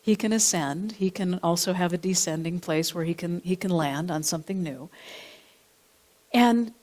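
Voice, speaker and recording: A woman's voice: lowish voice, normal speed, a little mellow. A woman minister delivering a sermon, telling a counseling story and repeating and rephrasing her points as she goes. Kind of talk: sermon with personal anecdote. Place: church sanctuary.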